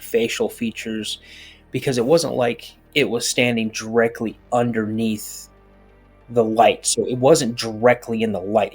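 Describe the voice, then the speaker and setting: A middle-aged man telling a personal story as a podcast guest, animated and full of restarts. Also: on the low side, husky.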